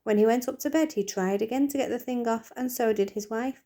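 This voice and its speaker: A woman teacher reading a children's book aloud in a lively, expressive way. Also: fairly high pitch, a little fast, few pauses.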